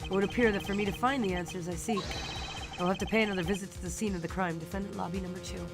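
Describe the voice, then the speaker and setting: A woman voicing a proud, composed young male prosecutor in a courtroom game, her voice a little raspy. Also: medium pitch, fairly even intonation, rapid-fire, over music, close to an everyday voice. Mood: formal.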